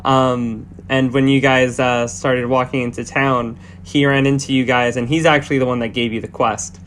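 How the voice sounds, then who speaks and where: A man narrating as game master of a tabletop game, halting with many fillers and restarts. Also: mid-range voice, level tone, a bit bright, a little hiss or hum.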